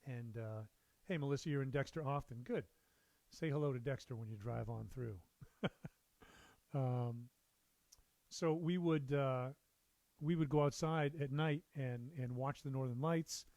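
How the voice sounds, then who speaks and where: A man's voice: mid-range voice, a little mellow, no echo. A man in his fifties from Massachusetts, hosting a livestream from a studio in a loose, rambling chat full of "uh"s as he greets viewers. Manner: chatty, rambling, many "uh"s and drawn-out greetings. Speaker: livestream host and musician. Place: recording studio.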